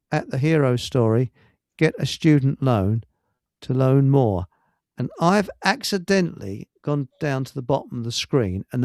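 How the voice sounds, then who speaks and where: A man's voice: mid-range voice, a little mellow, no echo, studio quality. A man hosting a casual chat show, telling stories in a chatty way and now and then slipping into silly put-on voices. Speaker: show host.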